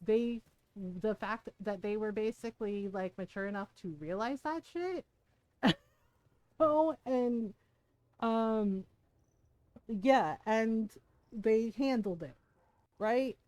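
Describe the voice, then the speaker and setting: A woman's voice: fairly high pitch, slow, pauses often, a little mellow, no room sound, poor audio. A woman in her forties, streaming a game and telling a story in a blunt, casual way, swearing freely and laughing often.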